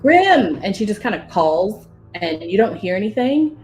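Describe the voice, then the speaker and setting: A woman's voice: mid-range voice, animated, normal speed, a little mellow, soft background music, poor audio. A woman running a tabletop game as game master, narrating in a rambling, casual way and laughing often.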